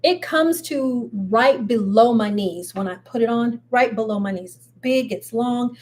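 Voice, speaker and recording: An older woman hosting a casual live chat show, chatty and animated with frequent laughs. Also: on the high side, unhurried. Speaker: host.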